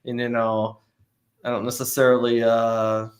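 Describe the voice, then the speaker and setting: A man talks as a guest on a casual show in a middle-pitched voice. He sounds thoughtful and slips in dry humor. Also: completely flat delivery, measured pace. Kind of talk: casual chat.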